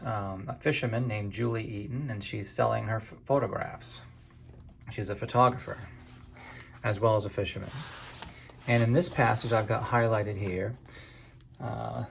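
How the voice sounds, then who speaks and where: A man's voice: medium pitch, gravelly, slight background noise. A man from Maine giving a casual spoken book review in a conversational, hesitant way.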